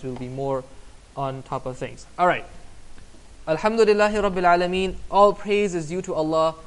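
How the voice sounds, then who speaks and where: A man giving a casual Islamic class online, conversational and often asking "right?" to check in. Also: fairly high pitch. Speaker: Islamic teacher.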